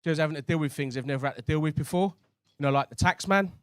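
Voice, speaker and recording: Man, stand-up comic, fairly high voice, chatty, teases the crowd, club stage mic. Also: fast, slight background noise. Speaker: stand-up comedian. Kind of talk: stand-up comedy set. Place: comedy club stage with a live audience.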